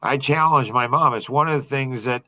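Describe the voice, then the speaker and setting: A man's voice: mid-range voice, moderate pace, pushed and bright. A middle-aged man in casual podcast chat, rambling with many fillers and restarts and laughing often. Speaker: podcast guest.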